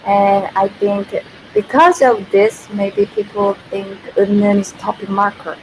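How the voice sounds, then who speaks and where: A woman's voice: mid-range voice, steady tone, moderate pace. A young Korean woman with a Korean accent, teaching her language in a casual, chatty livestream and reading viewer comments as she goes. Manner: chatty, laughs often, reads viewer comments. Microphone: built-in computer mic. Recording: faint background noise, built-in mic.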